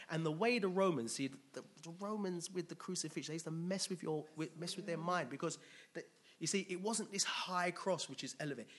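A man preaching a conversational, animated sermon, laughing often and restarting his sentences. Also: on the high side, brisk, husky. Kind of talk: expository sermon.

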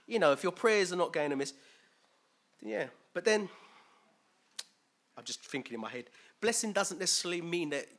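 Bright-voiced man preaching casually. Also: a little high. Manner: conversational, asks listeners questions, acts out quoted voices. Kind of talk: informal sermon.

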